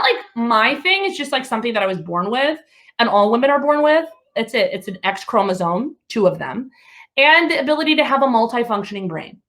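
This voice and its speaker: A woman in her thirties from Alabama doing stand-up, telling stories in an animated, chatty way with laughs between lines. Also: sits high. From Alabama, USA. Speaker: comedian. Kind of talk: stand-up comedy.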